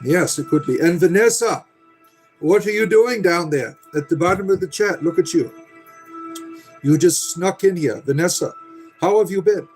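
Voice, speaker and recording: A man's voice: high-pitched, normal speed, a little mellow, faint music behind. A middle-aged man hosting a casual livestream, rambling and salty, leaning on "right?" and plenty of filler. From Americas. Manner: rants with profanity about a mechanic. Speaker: livestream host. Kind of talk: casual chat with live viewers.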